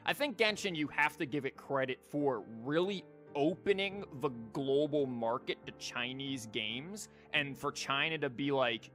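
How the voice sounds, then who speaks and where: A man's voice: fairly high pitch, unhurried, a bit bright. A man in his thirties streaming a game, chatting casually in a rambling, jokey way with lots of fillers. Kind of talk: casual live-stream chat while gaming. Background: game music.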